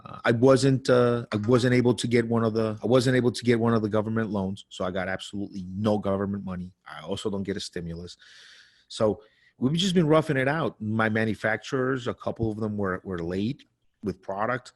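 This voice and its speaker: A man's voice: fairly low pitch, brisk. A man co-hosting a podcast in casual, loose chat, swearing and laughing often. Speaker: podcast co-host.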